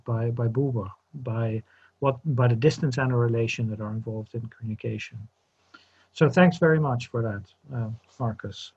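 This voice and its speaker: A man leading an online seminar over a video call, talking haltingly with many fillers and repeated words. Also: mid-range voice, slightly rough, lo-fi sound. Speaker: seminar facilitator.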